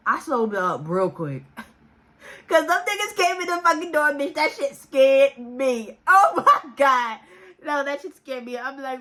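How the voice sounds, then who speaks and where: A woman telling a casual story as a vlogger, animated and profane, laughing often and acting out the voices she quotes. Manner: acts out quoted voices with big pitch jumps.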